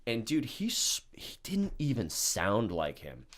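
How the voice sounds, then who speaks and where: Young man, podcast host, casual storytelling, swears a lot, acts out quotes, pitch swinging up and down. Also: wildly swooping pitch, measured pace.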